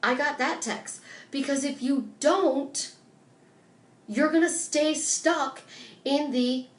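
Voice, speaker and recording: Woman life coach, motivational live stream delivery, animated and emphatic, high voice, echoey room sound. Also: takes it slowly. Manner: emphatic and animated, acting out little dialogues.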